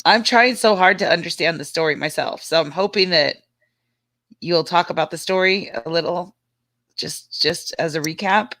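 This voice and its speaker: Woman co-host, brisk, pushes things along, dry close sound. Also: lowish voice, a bit bright, no echo. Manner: brisk, prodding the host to move on. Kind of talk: casual livestream chat.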